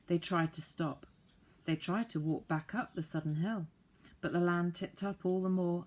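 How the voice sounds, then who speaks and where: A woman reading a children's book aloud, telling the story in a lively, expressive way. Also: deep voice. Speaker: audiobook reader.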